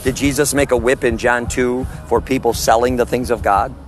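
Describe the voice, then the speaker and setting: A man's voice: medium pitch, steady tone, normal speed, soft background music. A man preaching fervently in the street to one listener, firing rhetorical questions and condemnations. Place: outdoors at a public event.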